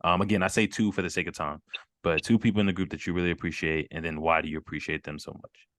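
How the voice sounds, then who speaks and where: A man's voice: low-pitched, steady tone, fast, fairly bright tone, no room sound. A man hosting a casual group video call, encouraging and affirming the others with frequent murmurs. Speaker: group host.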